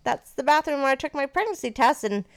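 A woman in her thirties casually telling a personal story to her partner, animated and swearing freely. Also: sits high, fast talker.

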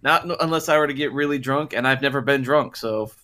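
A man co-hosting a casual podcast, joking and telling animated stories. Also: medium pitch, fast. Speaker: podcast co-host.

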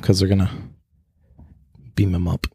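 A man with a very deep, husky, gravelly voice chats easily about the chapters, mostly short replies and joking predictions. His delivery stays relaxed and offhand. The recording is dry and close. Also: measured pace, dry recording. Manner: laid-back, short backchannel replies, joking theories. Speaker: podcast co-host. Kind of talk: casual book-discussion chat.

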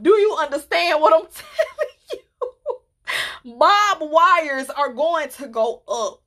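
A young adult woman hosting a podcast, telling personal stories in a casual, animated and playful way, often laughing. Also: sits high. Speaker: podcast host. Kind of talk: casual storytelling monologue.

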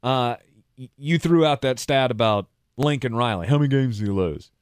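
A man's voice: mid-range voice, normal speed, clear, resonant tone, dry recording, clean studio sound. A man co-hosting a sports talk show, easygoing and playful, often restarting his sentences. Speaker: sports podcast co-host. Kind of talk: casual sports debate.

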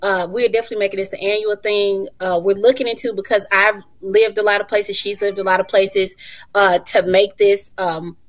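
A woman in her thirties, a mother, talking as a guest in a casual talk show, animated and emphatic with folksy endearments. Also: mid-range voice, normal speed. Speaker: guest, mother and retreat organizer.

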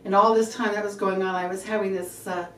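A middle-aged woman giving an earnest, halting church testimony, often repeating herself. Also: medium pitch, steady tone. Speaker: testifying believer. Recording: echoey room from a distance, faint music.

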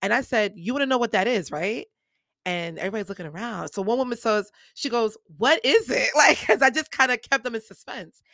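A woman's voice: on the high side, a little fast, a bit bright, dry recording. A woman hosting her own podcast, telling a story casually and acting out the people she quotes with big jumps in her voice, recorded on a podcast mic. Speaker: podcast host.

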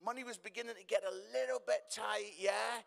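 Man preaching, middle-aged, high voice, chatty and jokey, church congregation. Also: steady tone, a little fast, vocal fry. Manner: chatty, jokey, often tags lines with "yeah?". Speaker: guest speaker. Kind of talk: humorous sermon. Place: church service before a congregation.

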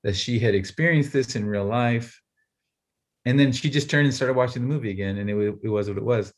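A man in his thirties, a podcast co-host, telling a family story in a casual, animated way and laughing often. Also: medium pitch, brisk. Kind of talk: casual chat.

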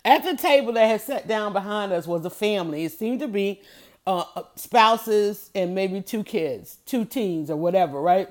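A woman hosting a motivational podcast, telling stories with lively energy and repeating her key phrases to press a point. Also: medium pitch, moderate pace. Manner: lively storytelling, addresses listeners as y'all and honey. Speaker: podcast host.

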